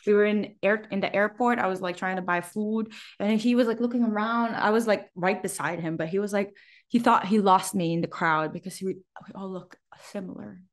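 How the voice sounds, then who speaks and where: A woman's voice: medium pitch, a little fast. A woman co-hosting a podcast in casual chat, animatedly acting out what people said, with frequent laughs. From Philippines. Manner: animated, acts out quotes with laughs. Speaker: podcast co-host.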